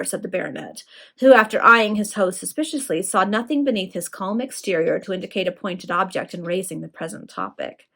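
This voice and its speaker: A woman reading a novel aloud to friends in a lively, expressive way. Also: fairly low pitch, fairly quick, creaky, slightly rough. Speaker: reader.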